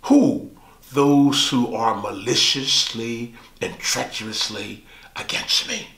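A male pastor teaching a Bible study, swooping high on quoted lines and asking the listeners questions. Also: takes it slowly, sharp tone, roomy sound.

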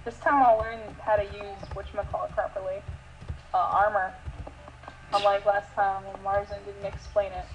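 A woman's voice: medium pitch, normal speed. Giddy, rambling woman on a dull mic. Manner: giddy, rambling, easily excited. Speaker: let's play player. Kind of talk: casual gaming chat. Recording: dull lo-fi mic with faint hiss.

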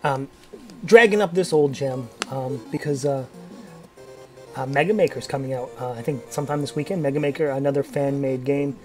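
A man's voice: mid-range voice, moderate pace, darkish tone, faint music behind. A young man giving casual gameplay commentary, rambling and profane, full of fillers and restarts. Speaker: let's play commentator.

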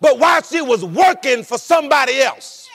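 A male pastor preaching a sermon. He tells the story with lively energy, laughs as he goes, and swings between shouting and dropping his voice low. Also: moderate pace. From rural United States.

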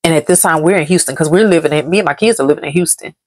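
A woman's voice: sits low, racing, breathy edge, no echo. A woman from Dallas, telling a painful personal story on her vlog in a heavy, repetitive, grief-laden way. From Dallas, Texas. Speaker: vlogger. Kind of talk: emotional story time.

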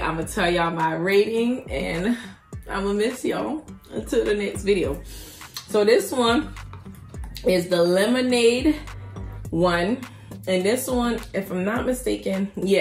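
An excitable, chatty woman doing a casual mukbang-style cookie review for her viewers. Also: mid-range voice. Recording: roomy echo with faint music.

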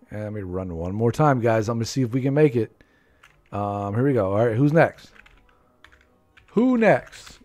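Excitable man streaming a game. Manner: excitable, bursts into high shouts. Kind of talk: live gameplay commentary to viewers.

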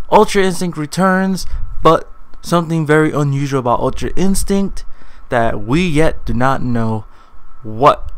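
A man's voice: mid-range voice, clear, resonant tone, dry recording, rough recording. A man hosting his own video, talking casually and rambling, often correcting and repeating himself. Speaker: anime video host. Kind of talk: casual commentary vlog.

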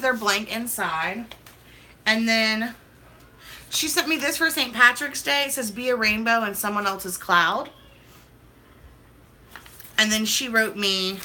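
Young woman vlogger opening mail, super hyper and gushy, bright voice, a bit of hiss behind. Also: a little high. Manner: hyper, chatty, gushing. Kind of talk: casual mail-opening vlog.

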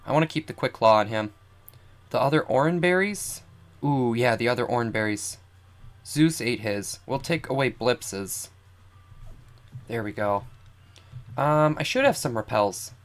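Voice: mid-range voice, animated, a little slow, long pauses. A young adult streamer chatting casually over gameplay, rambling from thought to thought and giggling often. The talk is loose and self-amused, full of little asides. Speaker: let's play streamer. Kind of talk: casual game commentary.

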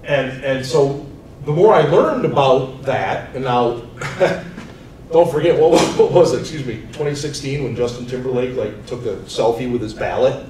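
A teacher in his forties telling personal stories to students in an animated way, swinging from loud to soft. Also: mid-range voice, normal speed. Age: 40s. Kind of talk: storytelling talk to students. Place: school hall. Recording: echoey room, mic far off, faint noise.

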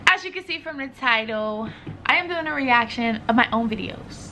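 A woman's voice: on the high side, animated, normal speed, background noise. A woman hosting her own channel in a casual vlog chat, effusive and repetitive as she talks straight to her viewers.

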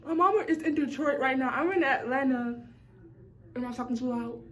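A young woman vlogger pulling a prank, playful and teasing, yelling over music. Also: high voice, brisk. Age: young adult. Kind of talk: casual prank vlog. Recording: echoey room, far from mic, loud music.

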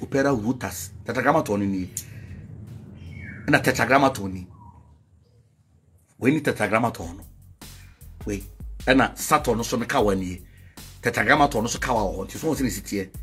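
Animated Ghanaian man preaching with music. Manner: sings out phrases, laughs, swings from loud shouts to low murmurs. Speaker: spiritual leader. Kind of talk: animated preaching and product promotion.

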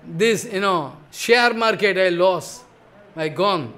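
High, bright-voiced man preaching. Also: animated, slow pace. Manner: emphatic, questioning, repeats points with "follow?". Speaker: spiritual teacher. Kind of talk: devotional sermon.

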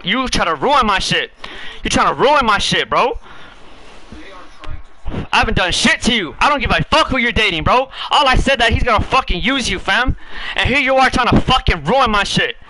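A man's voice: very high-pitched, sharp tone, slight background noise, poor audio. A young man and YouTuber in a heated, profane rant, tacking "bro" and "fam" onto his lines and repeating himself. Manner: repetitive, swearing oaths. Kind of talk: angry rant to camera.

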